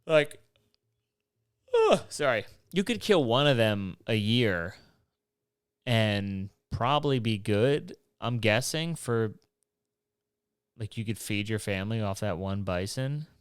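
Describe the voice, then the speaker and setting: A man's voice: medium pitch, smooth, no room sound, studio quality. A young man hosting his own show, rambling casually and swearing, mocking himself as he goes. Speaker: podcast host. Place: New York City apartment.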